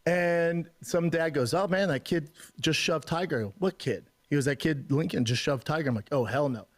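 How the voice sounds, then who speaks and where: A man's voice: on the high side, moderate pace. A man telling a casual, profane anecdote on a podcast, acting out the other voices in it. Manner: animated anecdote, acts out quotes, profane. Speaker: podcast guest telling a story. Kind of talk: casual storytelling.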